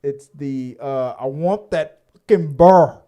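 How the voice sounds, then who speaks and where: A man's voice: fairly high pitch, slow pace, warm tone, highs cut off. A man co-hosting a casual podcast, rambling with many fillers and restarts and the odd curse. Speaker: podcast co-host. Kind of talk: casual chat.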